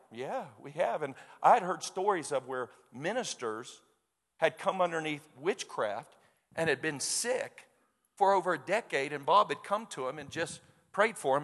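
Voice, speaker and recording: A man preaching a sermon, telling a story with lively quoted voices. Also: a little high. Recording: long hall reverb.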